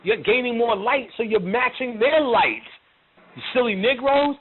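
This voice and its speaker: A man's voice: extremely high pitch, lively intonation, unhurried. A man giving a blunt, mocking spiritual lecture full of profanity and street slang. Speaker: lecturer on occult and spiritual topics. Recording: tinny phone-like line with faint noise.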